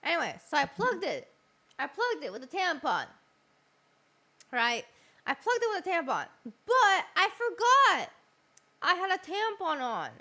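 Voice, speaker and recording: A woman's voice: very high-pitched, wildly swooping pitch, unhurried, long pauses, sharp tone. A young woman hosting a stream, telling a crude story with lots of laughing and swearing. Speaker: streamer host. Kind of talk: casual stream chat.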